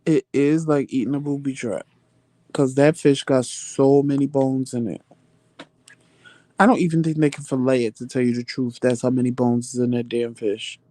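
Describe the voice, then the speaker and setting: A man hosting a casual live chat, answering viewer comments with animated, profane storytelling. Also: medium pitch, moderate pace. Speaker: livestream chat host.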